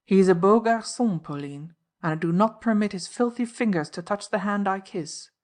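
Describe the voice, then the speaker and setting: A woman's voice: mid-range voice, normal speed, darkish tone, natural voice. A woman voicing a haughty, jealous nobleman in an audiobook reading, with commanding speech. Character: haughty, jealous middle-aged male count and magnate.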